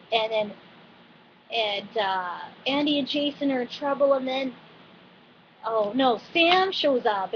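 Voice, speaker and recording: A woman giving a casual, chatty recap of a TV episode, talking with animated asides and frequent fillers. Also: sits high. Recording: dull lo-fi recording with faint noise.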